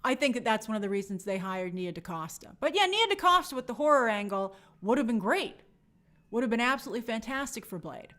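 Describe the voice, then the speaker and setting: A woman's voice: fairly high pitch, brisk. A woman hosting a casual movie news show, giving opinionated commentary and reading viewer comments. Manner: chatty, opinionated, animated asides.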